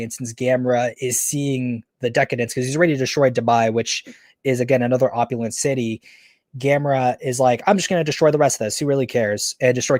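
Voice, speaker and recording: A man hosting a podcast, casually retelling a story pitch in a rambling, enthusiastic way. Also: darkish tone, dry recording, clean studio sound. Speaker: podcast host.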